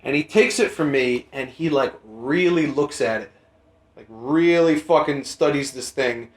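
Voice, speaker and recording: A young man hosting a podcast, telling a rambling, profane story in casual chat and jumping into animated quoted voices. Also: mid-range voice, a little slow. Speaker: podcast host. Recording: roomy echo.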